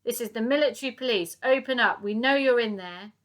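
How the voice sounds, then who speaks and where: Sex: woman as men. Figure: barking military police. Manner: shouted orders. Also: mid-range voice, steady tone, a little fast, natural voice. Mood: stern, shouting. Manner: barking, commanding. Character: loud stern military policemen pounding on a door.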